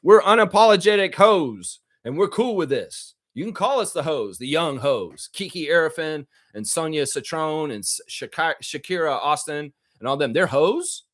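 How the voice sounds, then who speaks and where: A brash, defiant crew of women basketball players is mocked in a taunting voice that a man puts on. The pitch sits well above his own and swings around. It is a sarcastic bit on a live stream. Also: expressive, moderate pace, hardly any pauses, a bit bright. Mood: mocking.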